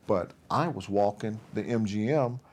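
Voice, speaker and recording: A man's voice: lowish voice, a little slow, a little mellow. A man casually recounting a night's events, switching to others' voices as he quotes them. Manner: recounts events in present tense, voicing others' lines. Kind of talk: casual storytelling. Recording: clear music bed under voice.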